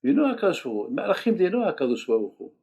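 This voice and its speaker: An older male rabbi delivering a sermon with a husky, slightly raised voice. He presses each point by repeating it in halting second-language English, dropping Hebrew words throughout. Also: high voice, sing-song, darkish tone. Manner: emphatic, repeats key phrases, sprinkled with Hebrew terms; speaks English as a second language, broken grammar.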